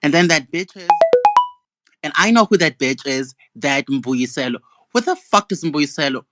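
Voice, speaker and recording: A man's voice: on the high side, expressive, moderate pace, loud music behind the voice. A young man, ranting indignantly and profanely in a gossip vlog. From South Africa. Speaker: gossip vlogger. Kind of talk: angry ranting monologue.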